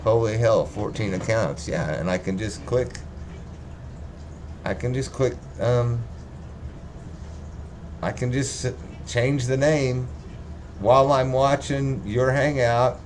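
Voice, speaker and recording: A man's voice: mid-range voice, steady tone, takes it slowly, pauses often, noisy background. A man rambling casually and profanely on a livestream, joking as he talks. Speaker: livestream host.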